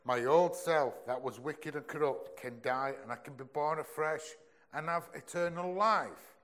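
A young man preaching a sermon in a conversational, earnest way, often dropping into a low, soft voice. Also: measured pace.

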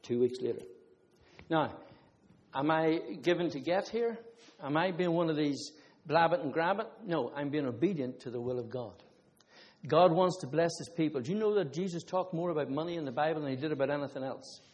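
Guy preaching in a big echoey hall, kinda high voice, chatty with the crowd. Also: fairly quick, a little mellow. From Ireland. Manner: conversational preaching with testimonies and asides. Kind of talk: sermon. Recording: long hall reverb.

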